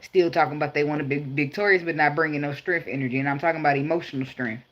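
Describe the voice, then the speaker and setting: With the highs cut off, the recording carries a low-pitched woman speaking very fast. She's a tarot reader offering a casual reading on her spiritual advice vlog, blunt and profane about parenting, laughing through animated anecdotes.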